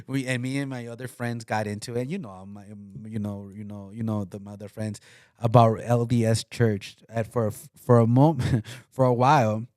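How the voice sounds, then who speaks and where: A man's voice: on the low side, steady tone, normal speed, darkish tone, no room sound, clean studio sound. A man co-hosting a podcast in casual chat. He rambles, repeats words and laughs mid-sentence. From came to Utah. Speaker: podcast co-host.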